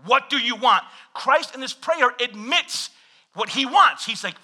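A male pastor preaching in an animated, storytelling way, moving between scripture reading and humorous anecdotes. His voice is high and very bright, and his pitch leaps around expressively. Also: unhurried, husky. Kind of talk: sermon.

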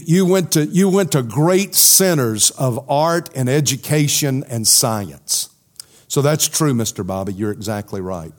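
A middle-aged man delivering a sermon at an unhurried, deliberate pace. His voice sits in a middle register and turns emphatic, then drops low and soft for his key points. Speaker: preacher. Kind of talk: sermon with questions from the congregation.

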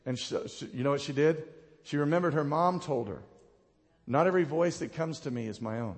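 Gravelly-voiced man preaching in a reverberant hall. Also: a little high, a little fast. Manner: passionate preaching, swings from loud to hushed. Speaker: pastor. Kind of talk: sermon. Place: church sanctuary.

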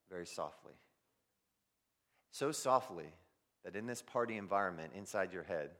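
A man preaching a sermon, swinging between loud emphasis and near-whispers as he speaks directly to his listeners. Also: mid-range voice. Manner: addresses listeners directly as "guys". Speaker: pastor.

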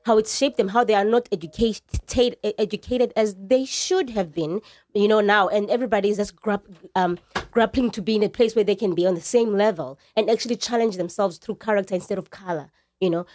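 A woman's voice: medium pitch, brisk, a little mellow, no room sound. A woman from South Africa with a South African accent, talking earnestly and emphatically in a radio studio conversation, repeating phrases as she searches for words.

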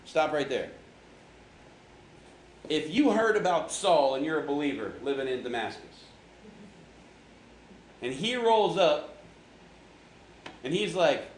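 A man's voice: on the high side, big pitch swings, slow pace, long pauses, slight background noise. Joking man teaching in an echoey hall. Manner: joking, quizzes the audience, slangy. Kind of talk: casual Bible lesson to a group. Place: large room with an audience. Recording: echoey hall with faint ambience.

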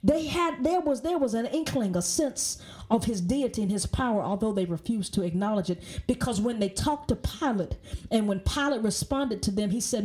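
A woman's voice: mid-range voice, animated, normal speed, a little mellow. A woman teaching a Bible study in an emphatic way, often checking in with "okay?" and restarting her sentences.

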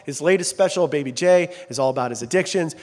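A man's voice: on the high side, fast, long reverb tail. A man preaching a sermon as a pastor in a church, talking in a loose, joking, self-deprecating way. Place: large church sanctuary.

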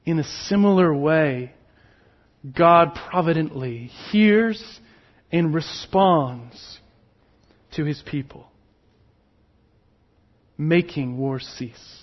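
A man preaching a sermon, slow and emphatic, with sudden drops to a near whisper on key words. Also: fairly high pitch, animated, highs cut off. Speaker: pastor.

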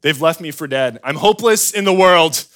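A man's voice: fairly high pitch, lively intonation, normal speed, a bit bright. A man voicing an infant girl who wakes alone and melodramatically wails that she has been abandoned. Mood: distraught. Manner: wailing, overdramatic.

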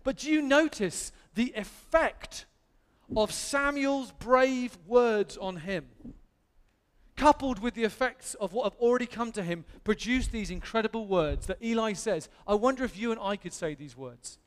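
High-voiced English preacher in a reverberant church. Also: male voice, unhurried. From England. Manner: earnest, emphatic preaching with rising exclamations. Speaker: pastor. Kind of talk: sermon. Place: church hall.

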